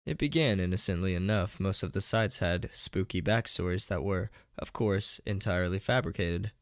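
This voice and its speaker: Low-voiced man fumbling through a live reading. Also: moderate pace, a bit bright, no echo, clean studio sound. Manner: stumbling, self-mocking, laughing at his own slips; chatty, thanks donors between passages. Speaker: horror story narrator and streamer. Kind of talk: live-streamed story reading. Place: at home.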